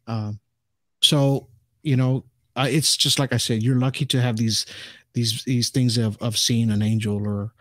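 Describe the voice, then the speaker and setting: Rambling man, frequent restarts, dry close recording, even middle pitch. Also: a little slow, dry recording. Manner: rambling, many restarts and "you know". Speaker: podcast guest, ufologist. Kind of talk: casual interview talk.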